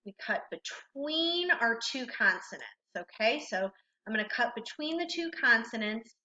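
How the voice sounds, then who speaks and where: A woman with a slightly high, lively voice teaches a recorded phonics lesson at normal speed, her tone bright and forceful. As a reading teacher, she patiently asks questions and praises the learner. The recording sounds roomy and slightly dull.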